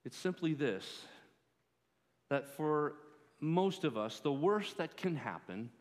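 Slow-preaching man in a reverberant hall. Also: mid-range voice. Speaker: pastor. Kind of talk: sermon.

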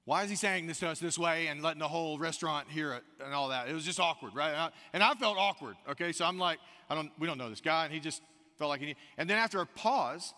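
A man's voice: on the high side, fast. A man preaching a sermon, telling stories and acting out quoted lines, calling the congregation y'all. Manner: animated storytelling with quoted asides, addresses the congregation as y'all. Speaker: pastor. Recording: long hall reverb.

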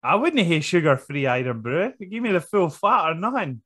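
A man's voice: a little high, sing-song, normal speed, fairly bright tone, slightly rough. A Scottish man co-hosting a podcast, bantering casually, laughing often and swearing freely. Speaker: podcast co-host.

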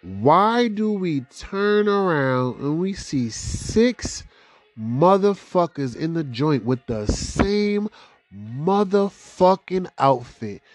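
Animated young man telling a story. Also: slow pace, no room sound. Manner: animated, profane street slang, big rises in pitch for quoted reactions. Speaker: vlog host. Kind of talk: casual storytelling.

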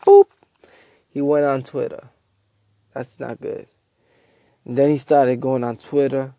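A man hosting a casual show, telling a comedic story in a rambling, animated way and acting out quotes. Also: mid-range voice, measured pace, creaky, no room sound. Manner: animated, acts out quotes, self-interrupting. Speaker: host.

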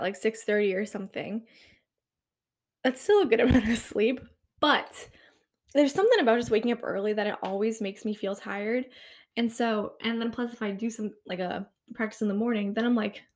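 A young woman in college, talking casually as a podcast host, rambling and chatty and often laughing mid-sentence. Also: medium pitch. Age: young adult. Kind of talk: casual chat.

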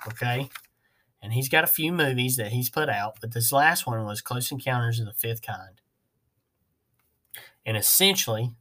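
A man's voice: medium pitch, pushed and bright, a little hiss or hum. A man hosting a casual podcast, rambling and self-mocking. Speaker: podcast host.

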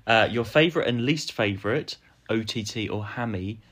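A man's voice: on the low side, normal speed, a bit bright. A man co-hosting a podcast, reading listener questions and chatting in a dry, understated way. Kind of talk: casual podcast chat.

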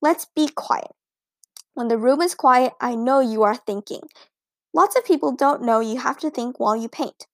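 A woman reading a storybook who voices a gentle, reassuring art teacher. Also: sits high, normal speed, dry recording, studio quality.

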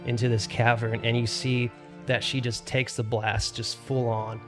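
A man narrating a tabletop role-playing game as game master, describing scenes in a calm, even way with fillers. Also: mid-range voice, unhurried, over music.

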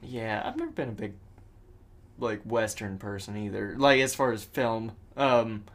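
A man co-hosting a podcast in casual chat, halting often, restarting sentences and swearing offhandedly. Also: fairly low pitch, sing-song. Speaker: podcast co-host.

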